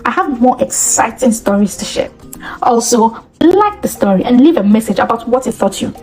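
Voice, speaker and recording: A woman telling a folktale as a channel's storyteller, in expressive scripted narration. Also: on the high side, normal speed, soft background music, poor audio. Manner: expressive, moralizing at the end.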